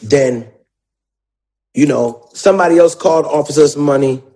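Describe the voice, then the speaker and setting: A man with a somewhat high voice tells a story in a loose, casual interview. He talks like a songwriter looking back, animated and emotional, and drops slang and profanity freely. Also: normal speed.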